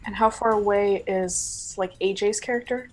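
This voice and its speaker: A woman's voice: medium pitch, fairly even intonation, normal speed, darkish tone, soft background music. A British woman with a mid-range voice takes her turn in a tabletop game. She thinks aloud and checks distances with the dungeon master before she acts. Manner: thinking aloud, asking questions. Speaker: player. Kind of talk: casual tabletop play.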